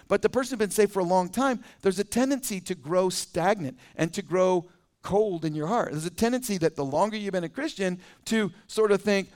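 A man preaching a sermon as teaching pastor in a conversational, animated way with quick asides. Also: high-pitched. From United States.

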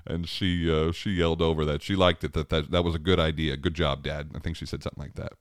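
A man's voice: a bass voice, little pitch movement, fast, clear, resonant tone, no room sound, studio quality. A man in his thirties, a father, telling a family story in a casual, rambling way, chuckling often and restarting his sentences.

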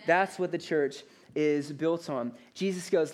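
A man's voice: fairly high pitch, unhurried, hardly any pauses, a little mellow. A man, a pastor, preaching a sermon with emphatic repetition and calls for the congregation's response. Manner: emphatic, repeats key phrases, asks the congregation for responses.

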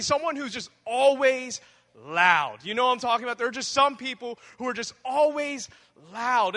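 A man's voice: sits high, pushed and bright. A man pastor preaching a sermon in a conversational, humorous way, talking directly to his congregation in a church hall. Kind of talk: sermon with personal storytelling.

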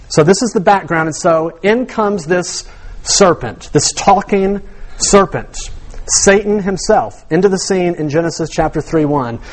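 Animated preacher man, high voice. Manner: animated teaching with rhetorical questions and repeated words. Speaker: pastor. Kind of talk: sermon.

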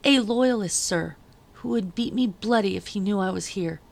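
A woman's voice: mid-range voice, normal speed, gravelly, close to an everyday voice. A woman voicing a young enslaved girl who speaks politely but firmly. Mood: earnest. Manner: polite and firm.

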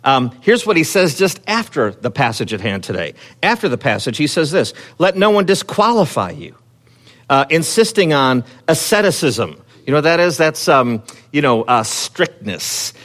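A man's voice: a little high, very animated, normal speed, fairly bright tone. A man preaching a sermon in a conversational way, asking the congregation questions and rising with energy when he quotes scripture. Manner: frequent fillers and restarts, asks the congregation questions. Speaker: pastor.

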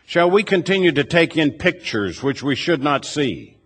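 A man preaching a sermon to his congregation, measured and steady, building his points through repeated rhetorical questions. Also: on the high side, breathy edge. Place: church sanctuary. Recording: long reverb of a church hall.

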